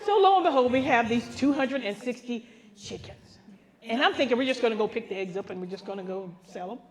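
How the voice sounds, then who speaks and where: An older woman with a high voice tells a funny story to a gathering. She is animated and laughs often, and she jumps into the voices of the people in her tale as a pastor would from the front of a room. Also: brisk. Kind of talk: comic storytelling to a women's gathering. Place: live gathering.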